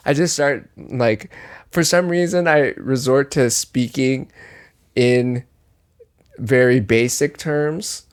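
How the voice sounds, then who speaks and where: A young man co-hosting a podcast, telling a story in casual chat and acting out the shouting in it. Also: mid-range voice, measured pace, clear, resonant tone. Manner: animated storytelling, acts out quoted shouting. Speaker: podcast co-host.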